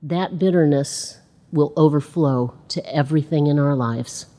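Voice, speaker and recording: Female Bible teacher with a lowish pitch. Conversational sermon, reads verses aloud and adds asides, rising for emphasis. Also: a little slow, mellow.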